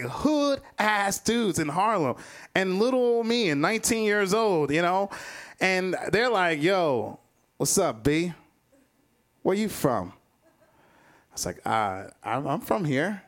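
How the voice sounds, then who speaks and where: A man telling a personal story live, animated, chuckling between lines and acting out other people's voices. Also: high-pitched. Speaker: storyteller, comedian.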